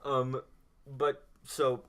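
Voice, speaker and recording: Young male podcast host, bright tense tone, rambling profane casual chat, frequent laughter. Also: mid-range voice, completely flat delivery, drawn-out words, smooth.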